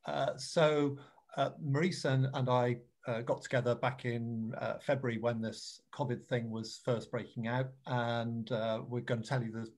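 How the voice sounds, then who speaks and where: A British man walks listeners through an online webinar talk, earnest and explanatory, often repeating a word as he goes. His voice has a gravelly, slightly husky edge. It sounds like a video call. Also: medium pitch. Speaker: webinar presenter.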